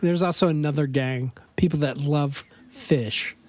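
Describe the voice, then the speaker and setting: A middle-aged podcast host from Denver, USA, chats casually in a slightly high, unhurried voice. He tells rambling stories and laughs often.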